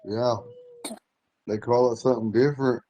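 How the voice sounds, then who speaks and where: A man teaching a language class, telling stories in a relaxed way and laughing often. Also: mid-range voice, moderate pace, dry recording, highs cut off. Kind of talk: casual storytelling in class.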